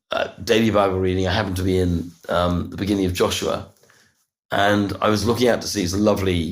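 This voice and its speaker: A middle-aged man, telling a personal story as a podcast guest, earnest and halting, often restarting and repeating words. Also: sits low. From United Kingdom. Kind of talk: reflective storytelling interview.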